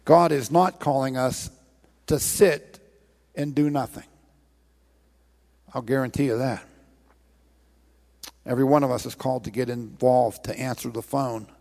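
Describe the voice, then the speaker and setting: A man's voice: mid-range voice, fairly even intonation, a little slow, creaky, long pauses, darkish tone. A man preaching a sermon in a church, earnest and pleading as he retells a scripture story and urges listeners to act. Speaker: pastor. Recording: long reverb of a large hall.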